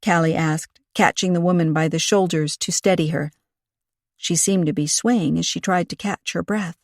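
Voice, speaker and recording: Female audiobook narrator, measured storytelling, lowish voice, dry close sound. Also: fairly even intonation, dry recording. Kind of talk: scripted narration.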